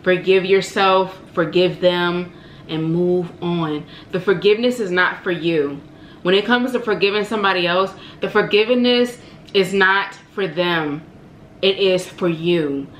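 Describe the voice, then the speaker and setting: On the low side, a mukbang vlogger's voice urges her viewers on with sincere, preacherly fervor, repeating phrases and addressing them as baby and honey. The low-quality recording sounds roomy with slight background noise.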